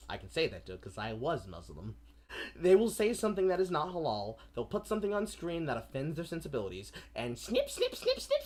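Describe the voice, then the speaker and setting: A woman streamer ranting in casual commentary, profane and animated, often slipping into mocking voices. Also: low-pitched.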